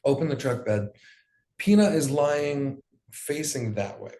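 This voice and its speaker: A man's voice: mid-range voice, expressive, unhurried, dark tone, a little hiss or hum. Young man with a roomy echo, telling a raw story. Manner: loose, profane storytelling with many fillers. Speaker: interview guest. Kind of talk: emotional personal account.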